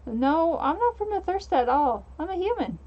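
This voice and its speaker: A woman's voice: very high voice, sing-song, moderate pace, pitched above the performer's own voice. A woman voicing a curious, polite young girl, heard through a dull lo-fi mic.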